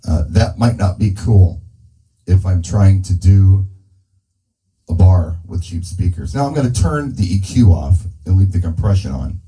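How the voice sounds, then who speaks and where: Man, casual gear-demo talker, low dark tone, handheld mic through a speaker. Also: animated, a little slow, rough recording. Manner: thinking aloud while adjusting settings. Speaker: mobile DJ testing gear. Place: indoor room with a speaker. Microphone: handheld dynamic mic through a PA speaker.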